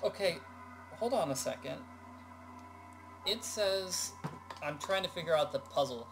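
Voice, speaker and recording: A man voicing a slow, low-drawling male frog while game music plays behind him. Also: expressive. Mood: slow, croaky.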